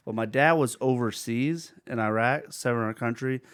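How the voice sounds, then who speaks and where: A man in his thirties hosting a casual podcast chat, animated and jokey, bursting into loud sound effects and laughs. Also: medium pitch, normal speed, clear, resonant tone. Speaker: podcast host.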